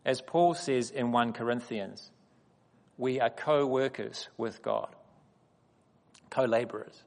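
A man preaches with measured emphasis, letting each phrase land before the next. His voice sits at an ordinary middle pitch. The sound carries a long reverb from a large hall. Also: gravelly, darkish tone. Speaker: guest speaker at a church. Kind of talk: sermon with personal stories.

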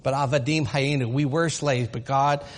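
A man's voice: medium pitch, fairly even intonation, moderate pace. A man leading a live teaching demonstration before an audience, explaining patiently and asking rhetorical questions. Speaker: presenter of a Passover seder demonstration. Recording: long reverb of a large hall.

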